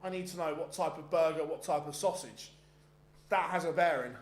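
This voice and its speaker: A man's voice: fairly high pitch, fairly quick. A man hosting a darts stream, chatting casually and rambling with frequent restarts between bits of live commentary. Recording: roomy echoey sound.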